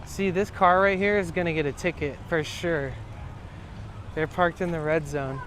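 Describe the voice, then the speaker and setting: A young man with a slightly high voice talks loosely to his live-stream viewers, cursing casually as he goes. He is out on a city street, and faint traffic and street sound drift behind him. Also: fairly even intonation, moderate pace, fairly bright tone. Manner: loose and chatty, swears casually.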